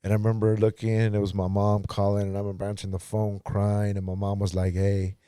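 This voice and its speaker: A man's voice: lowish voice, completely flat delivery, fast, dark tone, smooth, dry recording, clean studio sound. A man, a pastor on a podcast, telling his life story earnestly and acting out past conversations. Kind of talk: personal testimony in casual talk.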